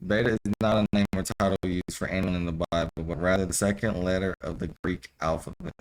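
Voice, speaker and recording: Deep-voiced young man reading scripture casually. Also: fairly even intonation, slight background noise, poor audio. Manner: reads archaic text haltingly, then riffs in loose profane slang. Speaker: streamer reading scripture aloud.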